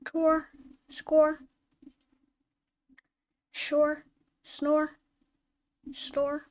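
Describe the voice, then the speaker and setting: A woman's voice: high-pitched, monotone, darkish tone. A woman teaching a phonics reading lesson, reading word lists and simple sentences one at a time, sometimes correcting herself. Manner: reads each word slowly and distinctly, self-corrects.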